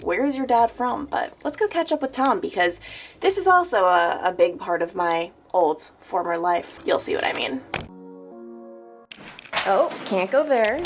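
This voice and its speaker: A woman's voice: mid-range voice, sing-song, a little slow, faint music behind. A young woman in her twenties from Long Island, talking to a handheld camera in a chatty, bubbly vlog style from her childhood bedroom, often laughing at herself. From Long Island, New York. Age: 20s. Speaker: vlogger and TV news reporter. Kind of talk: casual vlog talk to camera.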